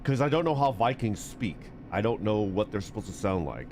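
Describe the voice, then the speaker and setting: A man's voice: lowish voice, lively intonation, fairly quick, a little mellow, slight background noise. A man streaming a game, joking, laughing, and reading dialogue aloud with game music in the background. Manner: goofy, laughing, jumps between silly voices and reading.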